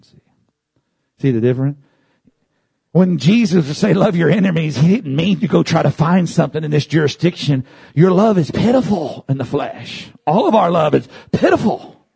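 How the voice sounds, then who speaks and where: A man preaching a sermon, moving from calm teaching to loud, high-pitched shouting. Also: normal speed, creaky, husky, dry recording.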